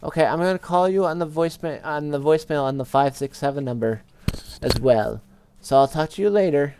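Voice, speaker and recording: A man's voice: fairly quick, background noise, natural voice. A man mimicking a confused, chatty elderly woman who repeats herself while leaving a voicemail. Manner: high, loud, repetitive and fussy.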